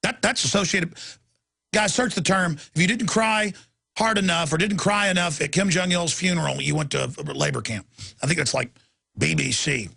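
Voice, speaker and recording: A man's voice: a little high, moderate pace, creaky, sharp tone, breathy edge. A man hosting a talk show, delivering an angry, impassioned rant in a heated, emphatic way.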